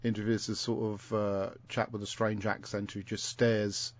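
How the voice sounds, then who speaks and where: A man's voice: lowish voice, level tone, moderate pace, no room sound. A man hosting a podcast at home, recapping an episode in a rambling, jokey way with lots of fillers. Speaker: podcast host. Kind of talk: casual chat recapping an episode. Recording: dull lo-fi dry sound.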